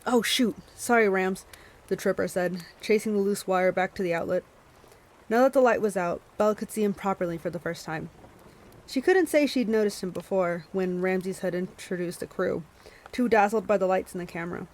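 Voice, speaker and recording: A woman's voice: medium pitch, fairly quick, darkish tone, low-quality recording. A woman hosting a book club stream, reading a novel aloud with small stumbles and self-corrections, and chatting to her viewers between passages.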